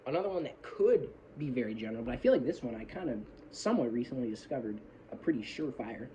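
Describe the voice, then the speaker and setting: A man's voice: mid-range voice, expressive, fast talker, mellow, slight background noise, rough recording. A man talking through song lyrics in a casual, rambling way, apologising often and swearing freely, recorded on a phone. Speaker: metal fan analysing song lyrics. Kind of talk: casual rambling video commentary. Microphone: phone camera.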